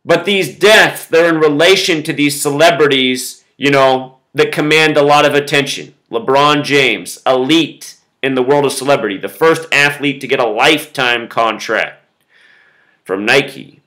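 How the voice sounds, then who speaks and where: A man talks straight to the camera in a bright, forceful voice. He lays out his number patterns insistently, one point after the next, at a middling pitch for a man. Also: unhurried, low-quality recording. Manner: insistent, explains with numbers, quotes song lyrics. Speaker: conspiracy video host. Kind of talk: solo monologue video.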